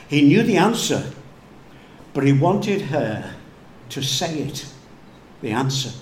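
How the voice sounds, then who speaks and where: A male pastor preaching a sermon slowly and deliberately, dropping to hushed tones for emphasis. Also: on the high side, very animated. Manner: slow, deliberate preaching with hushed dramatic drops. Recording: echoey room with faint background noise.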